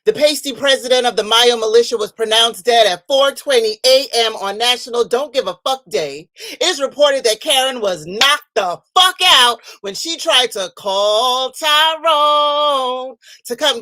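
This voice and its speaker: A woman's voice: a little high, sharp tone, no echo. A woman slam poet performing spoken word fiercely and bitingly over a video call. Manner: fierce, biting, profane delivery.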